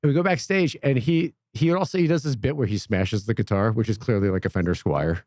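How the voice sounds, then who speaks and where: A man's voice: mid-range voice, fairly quick, dry recording, clean studio sound. A man, a podcast guest, telling a long story in casual chat, acting out the voices of the people in it. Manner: animated, acts out quoted voices.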